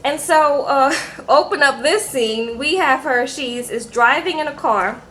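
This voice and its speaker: A woman casually recapping a reality show, animated and sassy, acting out quotes with asides to her viewers. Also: sits high, a little slow, a little hiss or hum, low-quality recording.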